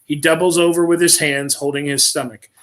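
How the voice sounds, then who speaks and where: A man's voice: on the high side, fairly even intonation, brisk, a bit bright. A man reading his own first-person story aloud on a livestream, reading dramatically and breaking off for offhand asides.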